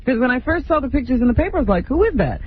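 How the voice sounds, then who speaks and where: A woman co-hosting a talk radio show with teasing, quick retorts in joking banter, heard with a tinny lo-fi radio sound. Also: high-pitched, expressive, slightly rough. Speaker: radio co-host.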